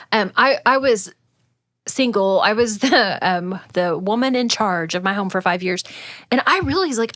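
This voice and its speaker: A middle-aged woman talks through home upkeep in a loose, chatty way, leaning on "like" and laughing easily. Her voice sits at a middle pitch. The recording is close and dry, with no room sound. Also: fairly bright tone, no room sound. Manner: chatty, with frequent "like" fillers and easy laughs. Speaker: podcast co-host, real estate agent. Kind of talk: casual home-advice chat.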